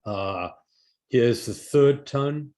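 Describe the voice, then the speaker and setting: An older man giving an informal art history slide lecture, halting with many fillers and restarts. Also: medium pitch, a little mellow.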